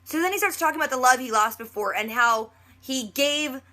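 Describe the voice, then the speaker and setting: Woman vlogger, fairly high and bright, chatty recap that slips into quick character voices. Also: lively intonation. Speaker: reaction vlogger. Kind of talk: casual TV episode recap.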